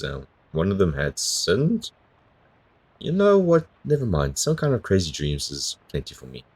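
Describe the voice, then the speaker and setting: A man's voice: sits low, breathy edge. A man doing let's play commentary, reading game text aloud with bemused asides. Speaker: gamer.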